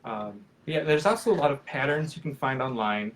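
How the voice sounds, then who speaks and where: Guy in his 30s doing a puppetry q&a over video, mid pitch, lots of ums and restarts, kinda rambly. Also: lively intonation, normal speed, fairly bright tone. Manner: rambling and friendly, many fillers and restarts. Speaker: professional puppeteer. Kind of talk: casual live Q&A on a video call.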